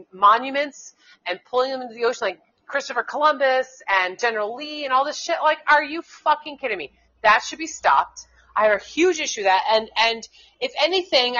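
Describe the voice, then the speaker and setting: A fairly high-voiced woman rants on a talk show, stumbling over her words, restarting again and again and swearing when angry. The sound is dull and lo-fi, like cheap internet radio. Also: fairly bright tone. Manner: heated, rambling, many restarts and swearing. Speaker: co-host; schoolteacher. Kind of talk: casual political talk.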